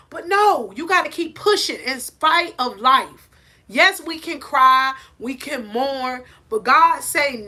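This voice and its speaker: Streaming live, a woman life coach offers a motivational message rooted in faith. Her voice sits high, and her delivery is animated and preachy, often swelling to near shouting.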